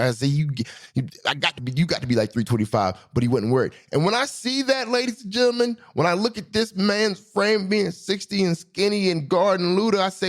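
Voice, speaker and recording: A man hosting his own show, telling stories in a slangy, animated way, swinging between excited high bits and low asides. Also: brisk, few pauses. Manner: slangy, swearing, self-correcting. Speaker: podcast host. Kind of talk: casual storytelling monologue.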